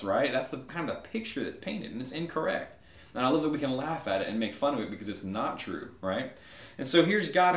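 A man preaching a sermon, animated and conversational, often checking in with a quick "right?". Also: medium pitch, reverberant. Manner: animated storytelling, frequent "right?" asides. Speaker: pastor.

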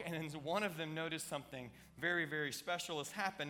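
A man preaching a sermon, conversational and emphatic, repeating words to drive points and building to loud passionate stretches. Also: on the high side, brisk, few pauses. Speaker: pastor.

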